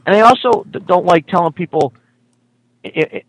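Man, radio co-host, stumbling and repeating words, earnest, slightly high voice. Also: animated, normal speed, poor audio. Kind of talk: casual call-in radio chat.

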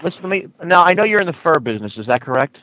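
A man co-hosts a call-in radio show and grills callers in a mock-serious, teasing manner. His voice is fairly high and bright, with a lively swing. Faint noise sits behind him. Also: rapid-fire, low-quality recording. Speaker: radio co-host. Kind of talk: casual call-in chat.

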